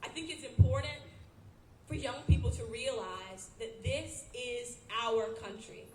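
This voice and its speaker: A woman's voice: on the high side, animated, unhurried, darkish tone. A young woman in her twenties, a student leader, giving an emotional, earnest personal speech at an outdoor rally. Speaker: student body president. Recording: echoey outdoor sound with background noise.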